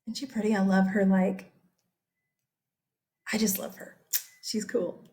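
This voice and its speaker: A woman's voice: medium pitch, little pitch movement, unhurried, dark tone. A woman teacher giving a casual, chatty history lecture over slides. She often checks in with her listeners.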